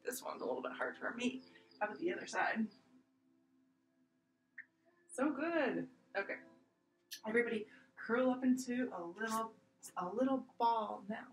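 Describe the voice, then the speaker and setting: A young woman teaching a gentle, playful yoga class to preschool children, coaxing them along as she guides each pose. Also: on the high side, normal speed, long pauses, a little hiss or hum. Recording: echoey room with faint music.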